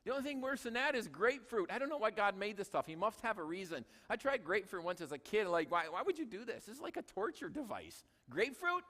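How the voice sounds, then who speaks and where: Man, pastor, sermon, high voice, joking asides, long church reverb. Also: big pitch swings, fast, few pauses, a bit bright. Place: church sanctuary.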